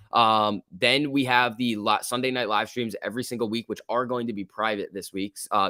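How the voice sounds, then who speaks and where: Ranting stock-stream host, dry sound. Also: male voice, fairly low pitch, bright, forceful tone, no room sound. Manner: ranting, blunt, frequent filler words. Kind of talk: casual live stream chat reading viewer comments.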